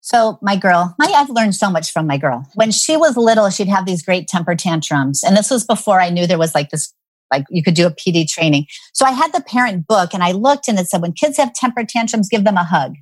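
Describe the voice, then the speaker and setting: A middle-aged woman, a parenting expert, telling candid, animated stories in a podcast chat. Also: lowish voice, brisk, dry recording.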